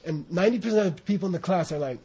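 An American man giving an informal Buddhist teaching, rambling and animated, often laughing and saying "you know". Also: sits high, very fast, husky. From United States. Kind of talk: informal dharma talk.

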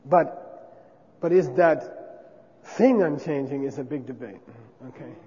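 A man's voice: on the high side, slow, dark tone. A man teaching a class, explaining ideas in a conversational way and often checking in with his listeners. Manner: conversational, checks in with frequent 'okay?'. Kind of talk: classroom lecture on Buddhist philosophy. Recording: dull lo-fi sound with long reverb.

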